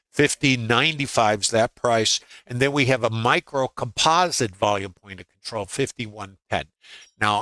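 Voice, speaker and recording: A man's voice: mid-range voice, pushed and bright, no room sound, rough recording. An older man teaching a live trading webinar, talking conversationally with dry humor and frequent filler words. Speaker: trading educator.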